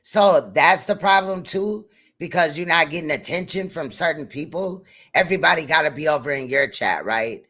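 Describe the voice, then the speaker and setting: A man's voice: on the high side, normal speed, bright, forceful tone. A man hosting a livestream, giving blunt, critical commentary.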